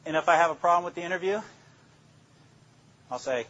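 A man's voice: on the high side, brisk, a bit bright, lo-fi sound. An older man, a police detective, telling plainspoken stories about interrogations to a class and acting out his own lines. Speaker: police detective speaking to law students. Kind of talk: storytelling lecture.

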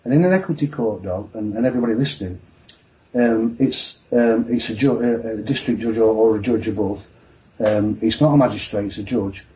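A man's voice: on the low side, fairly quick, slight background noise, rough recording. A man telling a long story on a podcast, acting out the voices of others as he goes. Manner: animated, mimics voices in retelling. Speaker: guest telling his story.

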